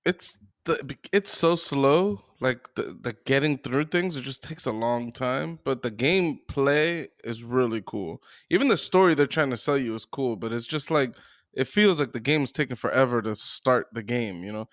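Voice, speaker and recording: A man's voice: medium pitch, lively intonation, normal speed, fairly bright tone, no echo, studio quality. Laid-back cursing man on a podcast. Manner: laid-back, profane storytelling. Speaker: podcast co-host. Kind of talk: casual chat.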